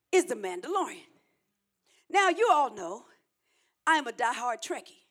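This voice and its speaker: With a voice that sits high and carries vocal fry, a middle-aged woman pastor shouts through her sermon. She repeats phrases rhythmically and calls on the congregation to respond.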